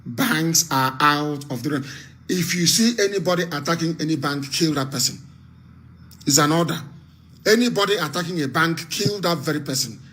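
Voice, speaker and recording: A man's voice: on the high side, expressive, normal speed, fairly bright tone. A man with a Nigerian accent giving an impassioned radio address as a political activist, fiery and repetitive, barking orders.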